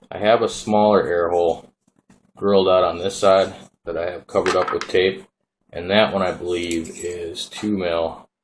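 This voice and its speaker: A man's voice: sits low, a little hiss or hum. A man from Minnesota with a Minnesotan accent, rambling casually as he demonstrates his hobby gear in a vlog. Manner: laid-back, rambling, folksy. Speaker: vaping hobbyist vlogger. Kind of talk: casual hands-on demo.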